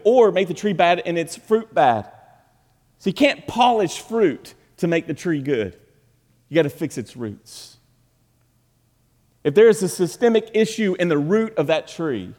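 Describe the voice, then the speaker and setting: Male pastor, high voice, dynamic emphatic sermon delivery, long church-hall reverb. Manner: swings between loud emphatic preaching and quiet, low asides. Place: church sanctuary.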